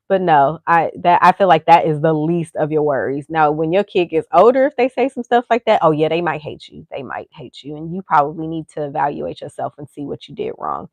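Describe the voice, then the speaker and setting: A woman with a low, deep voice talks in a loose, rambling way and keeps dropping "you know" into her sentences. The sound is dry and close, with no room echo. She speaks as a podcast host sharing frank thoughts. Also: expressive, brisk, hardly any pauses, a little mellow. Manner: candid, rambling, full of "you know" asides. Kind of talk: casual chat.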